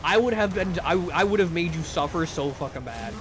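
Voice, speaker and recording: Male live streamer with a high voice, chatty and profane, over a noisy background. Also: a little fast. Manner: rambling and profane, with excited sing-song greetings. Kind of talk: casual chat with live viewers.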